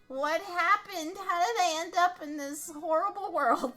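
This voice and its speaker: A woman streamer playing a text adventure game live, reading it out and reacting in an excitable, dramatic way with lots of swearing. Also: extremely high pitch, a little slow, soft background music.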